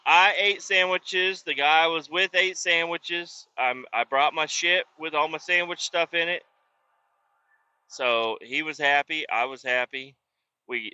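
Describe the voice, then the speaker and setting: A man's voice: mid-range voice, bright, forceful tone, highs cut off, slight background noise. A man telling a work story in a profane, rambling casual vlog, with frequent restarts. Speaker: roadside service worker vlogging.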